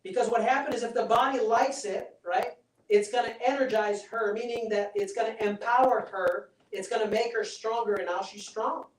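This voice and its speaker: A man's voice: high voice, fairly even intonation, moderate pace, slight background noise. Chatty male seminar speaker, distant and roomy. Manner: chatty, persuasive, asks "right?" often. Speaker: holistic health practitioner giving a seminar. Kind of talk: live seminar talk with demonstration. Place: seminar room. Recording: roomy sound from a distant mic.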